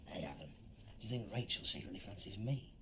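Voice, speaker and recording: A man's voice: lowish voice, lively intonation, fast, fairly bright tone, a little hiss or hum. An actor playing a drunk, newly single man rambling to his friend late at night. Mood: tipsy. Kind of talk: TV drama acting.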